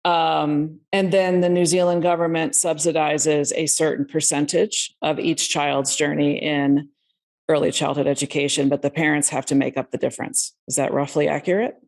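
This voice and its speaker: A woman's voice: low-pitched, little pitch movement, normal speed, gravelly, a little mellow. A woman hosting a podcast interview, upbeat and conversational as she welcomes listeners and asks her guest questions. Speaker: podcast host.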